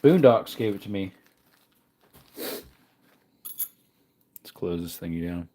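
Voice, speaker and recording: Guy rambling on his stream while fiddling with old gun parts, kinda low voice. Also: lively intonation, takes it slowly, long pauses, mellow. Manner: reads chat comments aloud while tinkering. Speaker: livestream host. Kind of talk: casual livestream chat.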